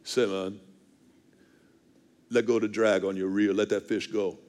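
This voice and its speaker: A preacher doing an easygoing male fishing guide, a laid-back adult man. He talks in a much deeper, quieter voice than his own, urging someone calmly. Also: a little slow, natural voice.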